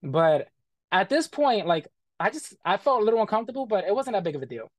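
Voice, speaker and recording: A man's voice: high voice, big pitch swings, fast, no room sound. A man being interviewed, bluntly retelling a bad experience in casual, profane talk full of quoted back-and-forth.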